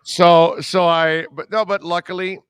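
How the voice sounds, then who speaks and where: A middle-aged man hosting a radio show, telling a long story in casual chat, rambling and animated with many restarts. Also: high-pitched, a little slow, smooth, no room sound, studio quality.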